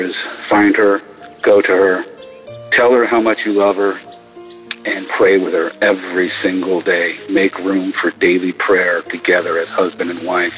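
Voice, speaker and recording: Low, flat-voiced man encouraging on the phone. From California. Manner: earnest, encouraging, brotherly. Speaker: caller. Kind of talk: recorded voicemail to a podcast. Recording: tinny phone line with faint music.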